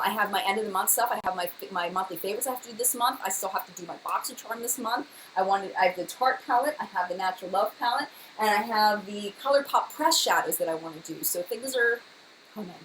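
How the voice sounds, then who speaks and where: A woman's voice: mid-range voice, fast, fairly bright tone, slight background noise, poor audio. Chatty woman live-streaming to viewers. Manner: chatty, emotional, talks to viewers by name. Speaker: beauty YouTuber hosting a live chat. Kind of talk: casual live-stream chat.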